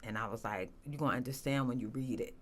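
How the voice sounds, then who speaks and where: A woman telling her personal story as a guest, earnest and halting, with many restarts and fillers. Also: a bass voice. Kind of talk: emotional personal testimony.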